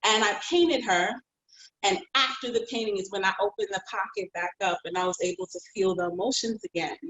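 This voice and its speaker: A woman painter telling her own story in an interview, heartfelt and expressive and quick to laugh. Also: mid-range voice, lo-fi sound. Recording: roomy echo.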